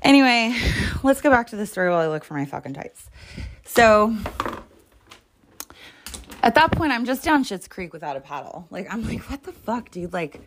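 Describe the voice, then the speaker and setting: A woman's voice: a little high, sing-song, moderate pace, long pauses, a little hiss or hum. A young woman telling a frustrating story at home in a casual, profane, exasperated way while she hunts for her clothes. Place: at home, moving around looking for things.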